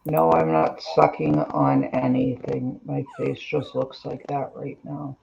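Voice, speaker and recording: A woman hosts a casual live stream over a video call, and her voice is thick with a smoker-like rasp and gravel. She speaks slowly, wandering off mid-thought. Her pitch rises and falls a lot, even when she is tired. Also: dull audio, slight background noise. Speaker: host.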